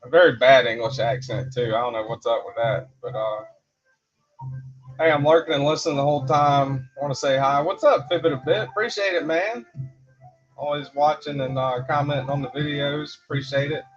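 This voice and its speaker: A man's voice: medium pitch, fairly quick. A man hosting a casual livestream, rambling with lots of fillers, laughing often and reading out viewer comments. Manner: rambling, with many fillers like "you know" and "uh"; laughs often between remarks. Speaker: livestream host. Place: garage. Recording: slightly dull livestream audio with faint background music.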